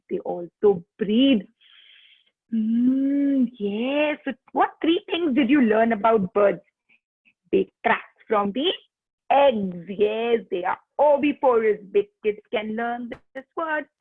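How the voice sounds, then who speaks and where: A woman's voice: fairly high pitch, lively intonation, slow pace, slightly rough, no room sound. A woman teaching young children, coaxing them in a sing-song voice to join in. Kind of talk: online kids' lesson. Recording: tinny phone-like line.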